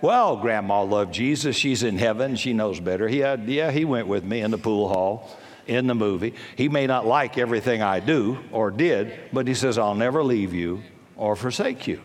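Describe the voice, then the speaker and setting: A man's voice: lowish voice, expressive, normal speed. An older man preaching a sermon, telling stories and building to fervent emphasis. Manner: storytelling, rising to fervent emphasis. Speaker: pastor. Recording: long hall reverb.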